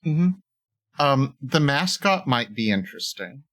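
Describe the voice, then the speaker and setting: A man's voice: medium pitch, big pitch swings, measured pace, a bit bright, poor audio. A man co-hosting a podcast in casual chat, hesitant, with many ums and short agreements. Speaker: podcast co-host. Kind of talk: casual chat about tabletop games.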